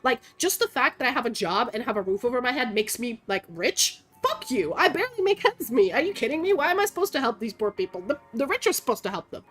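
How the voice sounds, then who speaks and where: A young woman streamer ranting casually in a blunt, profane, animated way, full of fillers, speaking into a desk mic at home. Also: fairly high pitch, fast, few pauses. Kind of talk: casual opinionated rant while gaming.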